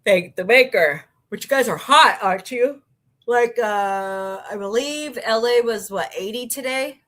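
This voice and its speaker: A woman's voice: a little high, measured pace, a bit bright. A woman hosting a casual livestream, reading out viewer comments and chatting with sarcastic jokes and laughs. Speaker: livestream host.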